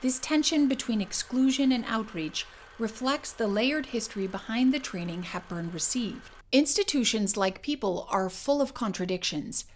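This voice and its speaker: A woman voice coach giving a scripted educational narration in a clear, measured and emphatic way. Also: a little high, animated, slight background noise.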